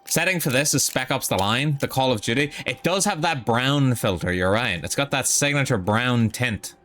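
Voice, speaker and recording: A man's voice: mid-range voice, lively intonation, normal speed, fairly bright tone. A young man streaming a game live, talking in a casual, rambling and profane way.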